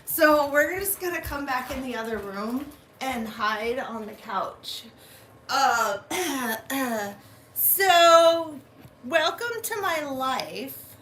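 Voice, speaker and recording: A woman's voice: high-pitched, lively intonation, fairly bright tone, reverberant, slight background noise. A woman vlogging casually from home on a phone camera, chatty and a little foul-mouthed. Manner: chatty, swearing, drawn-out complaining. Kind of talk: casual vlog chat. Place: at home indoors.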